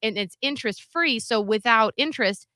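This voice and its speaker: A woman's voice: on the high side, moderate pace, dry recording, clean studio sound. A young woman co-hosting a radio show, chatting casually and telling stories with lots of "like" and quoted voices. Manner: animated storytelling with quoted voices and frequent "like". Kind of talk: casual chat.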